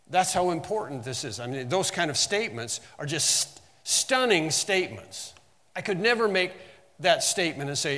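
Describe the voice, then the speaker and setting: A pastor giving an earnest teaching sermon. He slows down to stress key phrases and drops lower and quieter for asides. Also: sing-song. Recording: long hall reverb.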